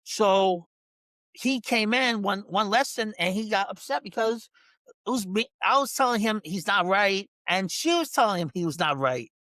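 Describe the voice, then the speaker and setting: Here a male dog trainer, guesting on a podcast, recounts a story casually and performs other people's dialogue. His high, expressive voice has a sharp tone and a moderate pace in a dry recording. Frequent restarts and repeated words mark his speech.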